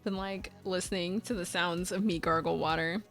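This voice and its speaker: A chatty woman with a raspy, husky voice, streaming a game, talking through it casually and reading the on-screen text aloud. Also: fairly low pitch, fairly even intonation, normal speed, a bit bright, faint music behind. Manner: chatty, talkative.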